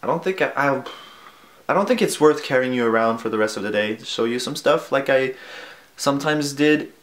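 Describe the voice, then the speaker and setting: A man's voice: medium pitch, a little fast, a bit bright. Rambling young man in an echoey room. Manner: rambling, self-deprecating, trails off with fillers. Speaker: vlogger. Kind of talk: casual rambling vlog. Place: alone in his room at home.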